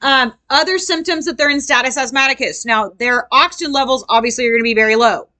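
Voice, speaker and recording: Brief: upbeat woman nursing tutor, high bright voice, lively quizzing style. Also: quick pace. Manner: animated, quizzing students, acts out patients. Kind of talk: casual classroom review lesson.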